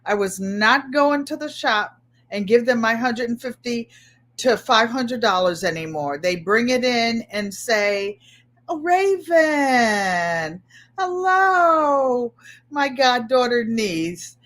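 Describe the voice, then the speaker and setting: Speaking at a measured pace, this Connecticut livestream host has a fairly bright voice that sits on the high side. The middle-aged woman chats casually about her week, welcomes viewers by name and tends to repeat phrases.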